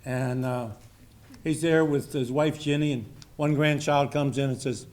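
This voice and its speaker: A man's voice: mid-range voice, steady tone, a little slow, darkish tone. An older man from Maryland giving a rambling, folksy speech to a society meeting, with many fillers and restarts. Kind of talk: informal after-dinner speech.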